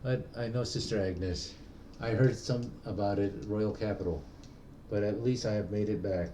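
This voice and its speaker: A man's voice: on the low side, moderate pace, mellow, roomy sound, distant mic, slight background noise, close to an everyday voice. A man reading as a spirited young woman. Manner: reads game text aloud in a plain voice.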